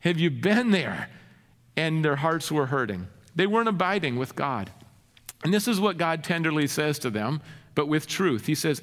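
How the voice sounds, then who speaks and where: A man delivers a sermon in an earnest pastor's manner, often turning to the congregation with rhetorical questions. His voice sits a little high and swings widely in pitch. A long reverb trails after each phrase, as in a big hall. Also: big pitch swings, normal speed, fairly bright tone.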